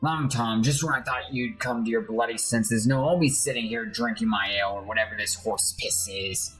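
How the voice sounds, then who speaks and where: Man playing a growling drunk old sea dog, gruff and bitter, game voice. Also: medium pitch, normal speed, a bit bright, soft background music, rough recording. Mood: mocking.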